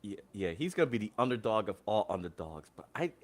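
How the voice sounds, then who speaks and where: A man's voice: on the low side, sing-song, quick pace. A man hosting a casual wrestling podcast, who laughs often and acts out quotes in big voices. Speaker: podcast host.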